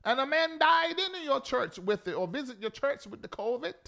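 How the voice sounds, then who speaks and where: High, lively man scolding on a talk show. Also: moderate pace, gravelly. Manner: preachy, scolding, theatrical with sudden shouts. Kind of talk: animated live talk show commentary.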